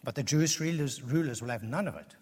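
A man's voice: medium pitch, expressive, fast talker, darkish tone, husky. A man preaching an earnest expository sermon, building his points through emphatic repetition. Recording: long reverb of a large hall.

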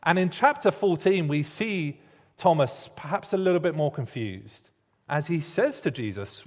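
A man preaching a sermon in a church hall, expressive and pausing for emphasis. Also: on the high side. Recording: long reverb of a large hall.

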